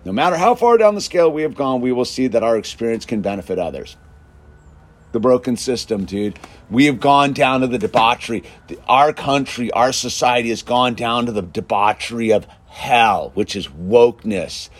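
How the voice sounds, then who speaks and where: A man's voice: animated, moderate pace. Ranting man who says "dude" a lot. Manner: emphatic, peppers speech with "dude"; swings between loud bursts and low mutters. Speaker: show host. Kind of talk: ranting casual monologue.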